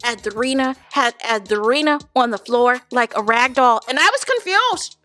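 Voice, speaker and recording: A woman's voice: a little high, lively intonation, a little slow, pushed and bright. A woman hosting a reality TV reaction show, talking casually and animatedly to viewers she calls "y'all", repeating words for emphasis. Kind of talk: casual commentary.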